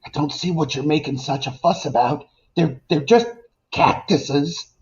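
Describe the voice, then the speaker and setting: An actor voicing a slow, dim-witted vulture in a stage play, with a drawn-out, puzzled delivery. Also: mid-range voice, muffled recording, close to an everyday voice.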